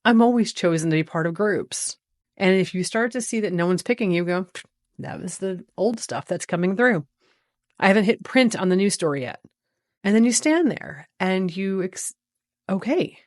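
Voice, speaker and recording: A woman's voice: medium pitch, expressive, normal speed, dry recording, clean studio sound. A woman vlogging in a casual storytelling monologue, animatedly acting out both sides of a conversation she had.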